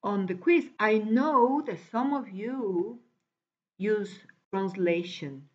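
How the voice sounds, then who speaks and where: A woman's voice: mid-range voice, takes it slowly, a little mellow. A woman teacher walking her class through a reading lesson, patiently repeating words one by one. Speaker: English teacher. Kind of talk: recorded online class walkthrough. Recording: dull lo-fi recording.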